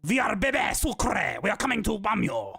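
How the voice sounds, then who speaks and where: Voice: mid-range voice, big pitch swings, normal speed, creaky, fairly bright tone, breathy edge, exaggerated voice. A podcast host putting on a hammy fake Canadian French accent to play a comic bomb-threat caller who chuckles "ho ho". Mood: deadpan. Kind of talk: comic impression.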